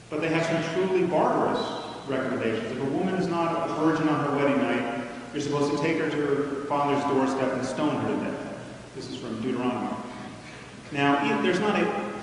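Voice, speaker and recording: A man delivers a measured, argumentative lecture, his mid-range voice carrying through a large hall. The sound is roomy and distant, with a long reverb trailing each phrase. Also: mid-range voice, a little hiss or hum. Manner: measured and argumentative, with frequent restarts. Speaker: public speaker. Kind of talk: lecture to an audience. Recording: echoey hall recorded from far off.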